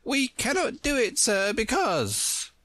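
Man doing a pompous, touchy storybook egg, lofty verse with big high swoops, dry close sound. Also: huge pitch swings, slow pace, bright, forceful tone, dry recording, full character voice. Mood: pompous reciting. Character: proud touchy egg-shaped male storybook figure.

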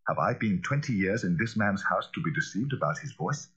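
A man voicing a frightened older male butler who speaks in an anxious, deferential, halting way. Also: low-pitched, lively intonation, fairly bright tone, breathy edge, heavily acted. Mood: anguished. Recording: dull lo-fi recording.

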